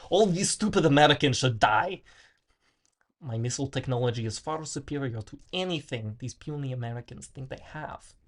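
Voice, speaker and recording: A gloating, boastful Russian weapons engineer, put on by a man in a broad mock Russian accent. The voice sits at a middle pitch and hams up every threat. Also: lively intonation, normal speed, lightly acted. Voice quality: exaggerated mock accent, jokey.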